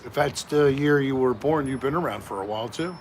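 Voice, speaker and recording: A man's voice: medium pitch, a little fast, slight background noise. A man hosting a casual live stream from home, chatting with viewers and reading out their names one by one. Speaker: livestream host.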